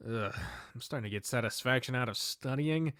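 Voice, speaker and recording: A man's voice: medium pitch, fairly quick, a bit bright, smooth, no echo, studio quality. Wry man reading a visual novel. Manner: wry, swears and laughs at his own slips. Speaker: let's-play host.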